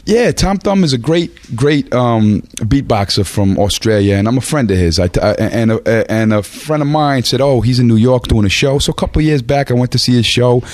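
A man's voice: medium pitch, expressive, normal speed, few pauses, darkish tone, no room sound. A man being interviewed as a rapper, telling rambling, profane stories and often laughing as he talks. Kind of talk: casual storytelling in an interview.

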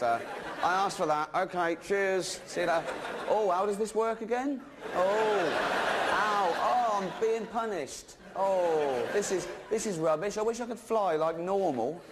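A man's voice: high-pitched, a little slow, heavy background noise, pitched above the performer's own voice. A man putting on a sheepish, grumbling voice as a talking snake.

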